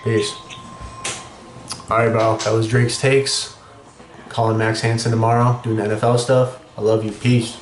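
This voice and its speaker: A man hosting a sports podcast, ranting excitably and cursing freely. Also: lowish voice, a little slow, long pauses, echoey room, noisy background. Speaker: podcast host.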